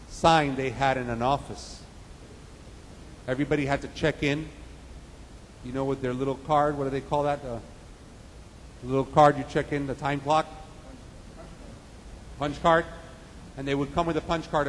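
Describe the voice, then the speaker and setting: A man's voice: mid-range voice, big-room sound, a little hiss or hum, poor audio. A man preaching a sermon with an emphatic, repetitive cadence, building points in parallel phrases.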